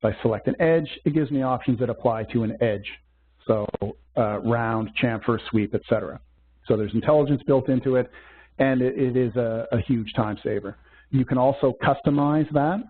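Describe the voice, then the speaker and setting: A man teaching a software demo in a webcast, walking through steps methodically with small fillers. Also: medium pitch, normal speed, husky. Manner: methodical step-by-step explaining with fillers. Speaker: software instructor. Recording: tinny phone-like webcast audio.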